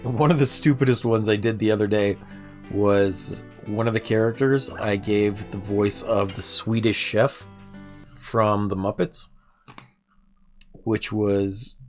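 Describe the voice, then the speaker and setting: A man streaming a game, chatting casually and self-deprecatingly with viewers while nursing a sore throat. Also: fairly low pitch. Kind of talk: casual gameplay livestream chat.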